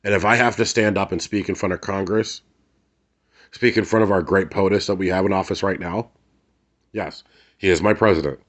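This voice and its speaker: A man's voice: low-pitched, fairly even intonation, a little fast, pauses often. A man ranting to camera in a vlog, angry and blunt, swearing and repeating phrases for emphasis. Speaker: vlogger. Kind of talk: heated ranting commentary to camera.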